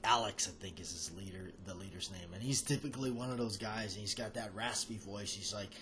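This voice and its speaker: A man's voice: on the low side, a little fast, bright, forceful tone. A man hosting a casual film chat, talking in a rambling, hesitant way full of fillers and restarts. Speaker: movie chat host.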